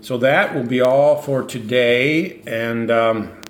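A man hosting a sports betting podcast, running through his picks in a relaxed, thinking-aloud way. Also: mid-range voice, slow pace. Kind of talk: casual solo podcast picks. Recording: roomy with faint ambient noise.

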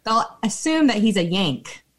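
A woman's voice: medium pitch, very animated, a little slow. A woman from the American Midwest, a podcast guest, teasing and laughing as she tells stories about her husband. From northern Indiana, USA. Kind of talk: casual interview chat.

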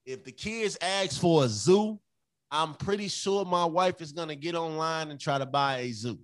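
A man's voice: on the high side, measured pace, clear, resonant tone, no room sound. A man co-hosting a casual podcast, talking emphatically about his family, repeating phrases and acting out his children's voices. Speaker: podcast co-host.

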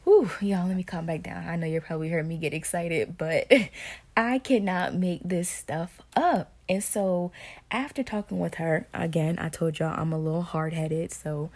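A woman hosting a podcast, telling a personal faith story to her listeners in an animated way with hushed asides. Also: lowish voice, normal speed. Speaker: podcast host sharing motherhood stories.

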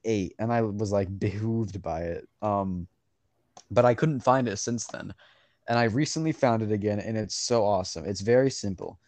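A man's voice: lowish voice, darkish tone, no echo. A young man co-hosting a podcast, chatting casually and rambling with lots of fillers and laughs. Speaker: podcast co-host. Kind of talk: casual chat.

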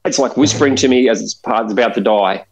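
A man's voice: medium pitch, quick pace, creaky, breathy edge, low-quality recording. An Australian man co-hosting a podcast, telling a funny anecdote in casual chat over a remote call. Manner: animated anecdotal storyteller. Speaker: podcast co-host. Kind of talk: casual storytelling.

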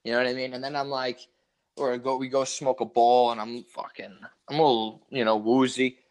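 Here a young male podcast co-host has a mid-range voice with a flat, brisk delivery and a clean tone. He spins a long, meandering story, cursing freely, staying laid-back, and acting out what people said.

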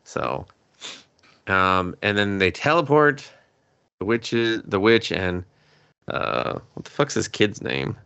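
Gravelly low-voiced man, podcast host. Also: expressive, slow, pauses often, sharp tone, no room sound, dull audio. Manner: profane, acts out characters in quotes. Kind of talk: casual anime review chat.

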